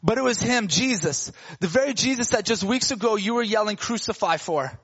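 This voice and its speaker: Male preacher, high voice, animated storyteller, slangy and playful, dull lo-fi recording. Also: brisk, breathy edge. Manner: animated, acts out characters in casual slang. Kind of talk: sermon storytelling.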